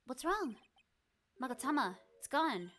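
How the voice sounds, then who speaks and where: A woman voicing an excitable young female sidekick in a video game, speaking eagerly and with animation. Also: sits high, a little slow, pitched above the performer's own voice, full character voice. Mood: excited.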